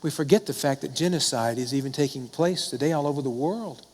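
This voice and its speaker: A man's voice: mid-range voice, a little fast, darkish tone. Man preaching conversationally in a reverberant hall. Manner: conversational storytelling, asks and answers his own questions. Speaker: pastor. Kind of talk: sermon. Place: church sanctuary.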